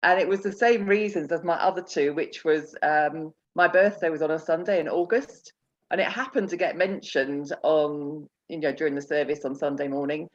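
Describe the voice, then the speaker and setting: A woman's voice: low voice, fairly even intonation, normal speed, highs cut off. A woman on a church video call, chatty and laughing easily as she shares memories. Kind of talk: casual chat.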